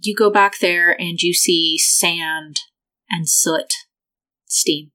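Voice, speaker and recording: A woman running a tabletop game as game master, calm and descriptive. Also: on the low side, low-quality recording. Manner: calm, descriptive, measured narration.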